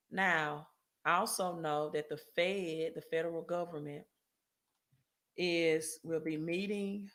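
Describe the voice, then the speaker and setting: A woman hosting a casual finance livestream, talking loosely to viewers, often checking in with "right?" and correcting herself mid-sentence. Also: deep voice. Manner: chatty, frequent "right?" tag questions and self-corrections. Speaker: credit and finance livestream host.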